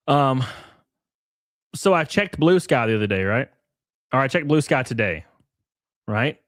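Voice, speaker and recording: A man's voice: medium pitch, animated, a little slow, long pauses, fairly bright tone, no echo, studio quality. A man hosting a live stream, reacting to a clip with sarcastic, profane mockery. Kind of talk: casual live stream commentary.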